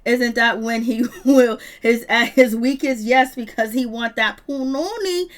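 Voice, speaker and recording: A woman hosting a live review of a reality show, talking in an animated, gossipy and sassy way. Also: fairly high pitch, measured pace. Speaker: reality TV recap host.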